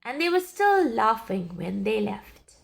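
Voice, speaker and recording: A woman reading a children's story aloud in an expressive, sing-song way. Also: fairly high pitch, measured pace, creaky. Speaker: storybook reader.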